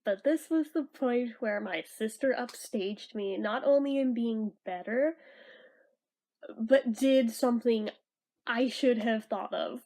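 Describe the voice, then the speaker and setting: A woman's voice: on the high side, takes it slowly, warm tone. A young woman vlogging in casual chat, rambling, laughing often and swearing casually.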